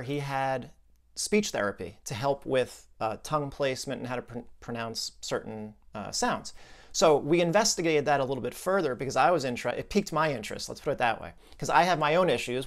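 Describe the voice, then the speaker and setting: A man's voice: mid-range voice, animated, brisk. A man explaining a client's case in a conversational video lesson, thinking aloud with asides and restarts.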